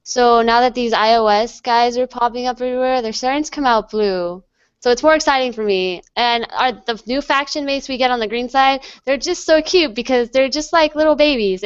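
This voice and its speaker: Animated young woman telling a story. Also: a little high, clear, resonant tone, dry recording. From USA. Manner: animated storyteller acting out dialogue. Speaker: guest. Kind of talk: casual interview chat. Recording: dull lo-fi online call audio.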